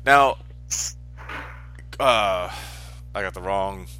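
A man's voice: sits low, very slow, sharp tone. A man co-hosting a casual chat about a TV show, easygoing and laughing often, stumbling and restarting as he talks.

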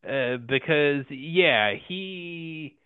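A man co-hosting a casual podcast, talking haltingly with lots of fillers and frequent laughs. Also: fairly high pitch, clean tone, no echo. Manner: halting, many fillers and restarts, laughs often. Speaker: podcast co-host. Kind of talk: casual wrestling podcast chat. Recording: tinny phone-like line, dry.

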